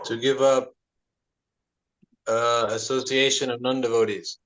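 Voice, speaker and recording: A man in a class giving short, halting answers to the teacher's questions. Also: medium pitch, little pitch movement, a bit bright. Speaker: student. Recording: distant voice in an echoey hall.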